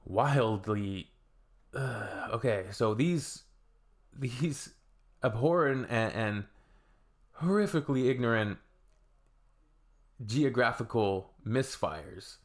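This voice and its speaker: A man's voice: on the low side, expressive, moderate pace. A man from Canada hosting a reaction video, reading comments aloud with wry, sarcastic asides.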